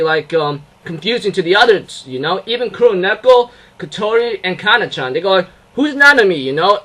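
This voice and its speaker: Young male reviewer, bright and higher-pitched, gushing and rambling, full of fillers. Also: poor audio. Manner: excitable, rambling, many fillers and restarts. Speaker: anime reviewer. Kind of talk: casual episode review.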